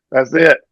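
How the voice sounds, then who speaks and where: A middle-aged man, a podcast guest telling stories in a relaxed, drawling way and laughing along as he goes. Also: no room sound, rough recording. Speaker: podcast guest, former pro wrestler. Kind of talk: casual interview storytelling.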